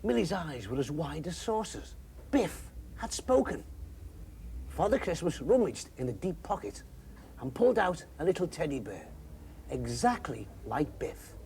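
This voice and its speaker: A man reading a children's Christmas story aloud, expressive and animated. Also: a little high, a little slow, gravelly, a little hiss or hum.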